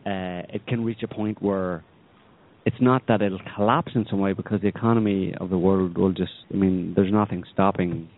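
Low-voiced man, sardonic political chat, rambling, thin phone-line sound. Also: fairly even intonation, moderate pace. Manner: rambling, sardonic, many restarts. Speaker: podcast co-host.

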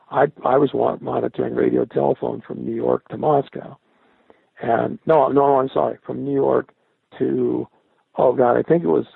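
An older man, a former military radio linguist, recalling his service in a halting interview style, often repeating and restarting words. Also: medium pitch, gravelly, husky, no room sound. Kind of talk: recollecting in an interview. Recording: dry, tinny phone-like sound.

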